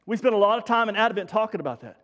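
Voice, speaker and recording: A man delivering a lively sermon in a high voice, leaning on repeated phrases and talking straight to his congregation. His voice rings out with a long reverb from a large church sanctuary. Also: rapid-fire. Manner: energetic, conversational preaching with emphatic repetition. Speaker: pastor.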